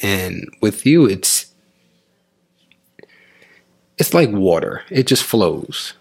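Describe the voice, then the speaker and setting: A man with a low, husky voice talks casually with his partner. He explains things in an animated way and slips into quick acted-out voices to make his point. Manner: animated, acts out quoted voices while explaining. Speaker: podcast co-host talking with his partner. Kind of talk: casual relationship chat.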